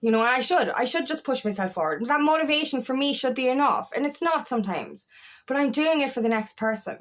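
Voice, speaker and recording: A woman's voice: high-pitched, lively intonation, fairly quick. A young woman coach giving a fiery motivational talk, swearing often and repeating herself for emphasis. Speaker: empowerment coach. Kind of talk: impassioned motivational monologue.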